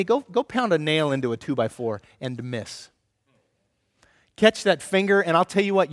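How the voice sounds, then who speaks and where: A man with a notably high voice delivers a sermon to his congregation. He keeps it conversational, slipping in wry jokes between points. The sound carries a long reverb, as in a large church hall. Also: a bit bright. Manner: humorous, conversational preaching with playful asides. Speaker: pastor.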